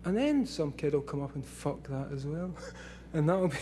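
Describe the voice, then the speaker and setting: Speaking at a live event, a profane, excitable Scottish man in his forties laughs often as he rambles along. His pitch sits on the high side and he keeps a moderate pace.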